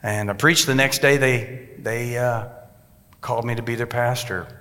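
A pastor tells a story from the pulpit, acting out the people he quotes. His voice is bright and forceful. It rings with the long reverb of a large sanctuary. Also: mid-range voice, fairly even intonation, normal speed. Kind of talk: sermon storytelling.

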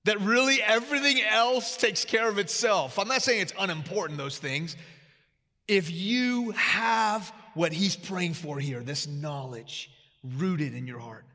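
A male pastor preaching a sermon, telling stories with loud emphatic peaks and quiet asides. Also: high voice, a little slow, big-room sound.

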